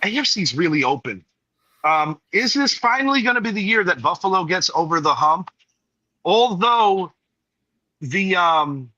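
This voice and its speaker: Bright-voiced man talking sports. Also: fairly high pitch, dry recording, lo-fi sound. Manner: laid-back, opinionated, laughs along. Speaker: podcast host. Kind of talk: casual sports chat.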